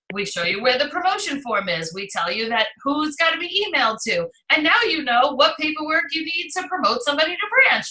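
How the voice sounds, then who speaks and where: A woman in her forties with a high, bright voice coaches her sales team with eager enthusiasm. She sounds set back from the mic, in a roomy space with a noticeable echo. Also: far from the mic. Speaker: direct sales team leader. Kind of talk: live training talk.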